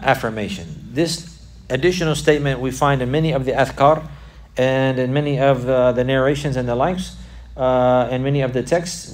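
A man teaching a religious class, repeating key phrases for emphasis and putting questions to his students. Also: medium pitch. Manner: quizzes the class.

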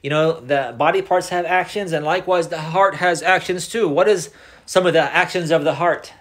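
A man's voice: fairly high pitch, fairly even intonation, moderate pace. Man teaching a classroom lesson. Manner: repeats points, asks students questions; mixes Arabic phrases into English. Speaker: Islamic teacher.

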